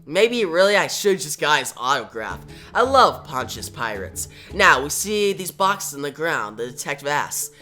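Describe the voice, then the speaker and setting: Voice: mid-range voice, big pitch swings, normal speed, few pauses, sharp tone, soft background music. A comic book reviewer who retells the plot in casual storytelling.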